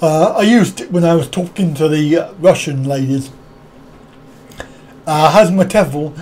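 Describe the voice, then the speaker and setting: A man's voice: a little high, unhurried, a little mellow. A man hosting a casual live stream, rambling, chuckling often and answering viewers' comments one by one.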